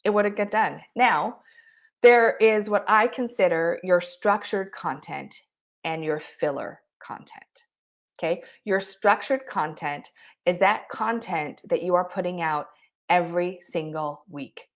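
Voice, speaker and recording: A woman in her thirties leading a live online coaching session, energetic and excitable, often checking in with "right?". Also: lowish voice, measured pace. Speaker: business and video coach.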